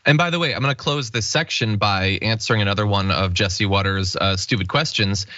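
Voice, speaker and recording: A man's voice: lowish voice, a little fast, pushed and bright, no echo, dull audio. A male host giving sarcastic, emphatic political commentary.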